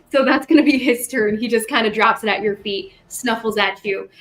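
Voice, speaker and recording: A woman's voice: a little high, moderate pace, a bit bright, low-quality recording. A woman narrating as game master of a tabletop game, rambling, correcting herself and adding sound effects.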